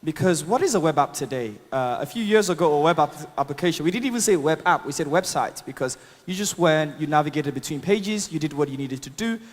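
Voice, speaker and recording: A man with an accent speaks on a conference stage in a casual, upbeat way, dropping fillers and chuckling at his own asides. His voice sits a little high. It carries a long reverb from the large hall. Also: expressive, fairly quick, few pauses. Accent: non-native English accent. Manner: upbeat, chatty, laughs at own jokes, many fillers. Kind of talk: live tech talk with demo.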